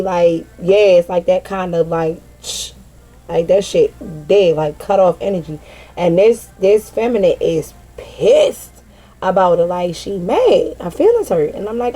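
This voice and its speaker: A woman's voice: fairly low pitch, normal speed, warm tone, low-quality recording. A woman doing a casual tarot reading for viewers. She talks bluntly, swears freely, leans on "like" as filler and keeps asking her audience if they follow. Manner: blunt and profane, heavy on "like" fillers; talks directly to viewers, often asks "you feel what I'm saying?". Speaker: tarot reader.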